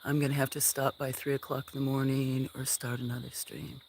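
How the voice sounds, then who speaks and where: A woman on a casual farm livestream, chatting with viewers and talking softly to her animals. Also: a bass voice, level tone, a little fast. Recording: outdoor noise with chirping crickets. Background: crickets and insects.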